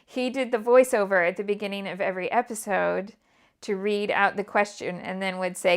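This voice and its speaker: A woman with a British accent hosting a live scrapbooking stream. She chats casually and drops into soft, half-whispered asides to herself as she works. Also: mid-range voice, steady tone, brisk. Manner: chatty, muttering half-whispered asides to herself while working. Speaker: scrapbooking livestream host. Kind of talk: casual live crafting chat.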